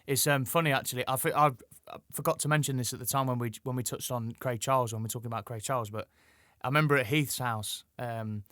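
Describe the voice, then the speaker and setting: A man's voice: medium pitch, steady tone, fast talker, a bit bright, no echo. Chatty man in his thirties, dry sound. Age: 30s. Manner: chatty, laughs often, rambling retelling. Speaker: podcast host. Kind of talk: casual podcast chat.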